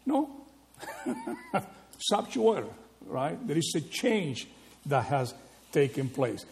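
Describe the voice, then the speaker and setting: A man preaching a sermon, animated and conversational, often asking his listeners "right?". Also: high voice, takes it slowly, vocal fry, long pauses. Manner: animated, rhetorical questions with frequent "right?". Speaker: pastor.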